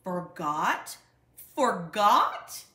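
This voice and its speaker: A woman doing a blustering storybook bear dad, scolding loudly, lively swoops in pitch, roomy echo. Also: slow, exaggerated voice. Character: gruff bear father, quick to roar.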